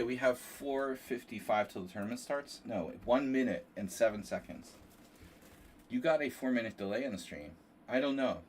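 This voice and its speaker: A nasal-voiced man with a mid-range pitch hosts a casual chess livestream, recorded from a distance with a little hiss or hum. A streamer hosting a tournament, he rambles and jokes with his chat between moves, tossing off self-deprecating asides as he comments while playing.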